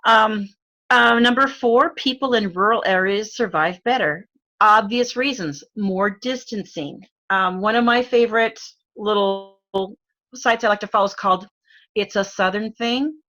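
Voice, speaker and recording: A woman's voice: mid-range voice, measured pace, sharp tone, dull audio. A middle-aged woman from Arizona with an Arizona accent, chatting as a guest, with lots of fillers and frequent laughs. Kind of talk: casual chat.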